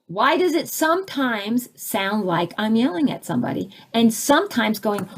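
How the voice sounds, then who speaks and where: A woman's voice: on the high side, sing-song, normal speed, hardly any pauses. A woman spiritual teacher answering audience questions, who acts out little scenes with sudden swings in her voice.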